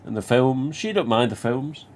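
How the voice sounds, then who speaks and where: Nottingham man hosting a home live stream, casual rambling delivery, swears freely, mid pitch. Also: animated, normal speed, a little mellow, a little hiss or hum. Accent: Nottingham English. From England. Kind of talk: casual storytelling.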